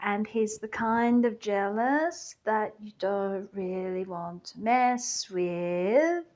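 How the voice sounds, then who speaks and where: A woman's voice: medium pitch, slow pace, darkish tone, close to an everyday voice. A woman playing a flippant, gossipy goddess queen of the underworld in a chatty comic monologue full of "like" and "you know".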